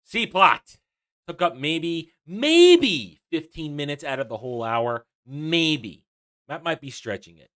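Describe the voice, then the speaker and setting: A man's voice: medium pitch, fairly bright tone. A man giving a casual, sarcastic episode review, mocking and ranting with frequent laughs. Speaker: TV show reviewer.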